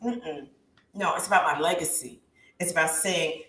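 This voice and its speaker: A woman in her thirties with a low-sitting, slightly bright voice speaks at normal speed. As a guest talk show host, she gives an impassioned testimony in an interview with a preacher-like rise and fall, recorded with a roomy echo and faint background hiss.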